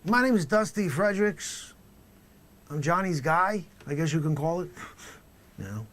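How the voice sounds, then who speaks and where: A man voicing a cocky male drug dealer on the witness stand, talking in a low tough-guy mumble. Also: animated, measured pace, a bit bright.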